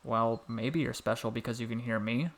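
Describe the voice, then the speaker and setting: A man voicing a gentle, kind-hearted talking male frog in a storybook reading, soft and cheerful with a warm, teasing manner. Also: medium pitch, steady tone, normal speed, natural voice.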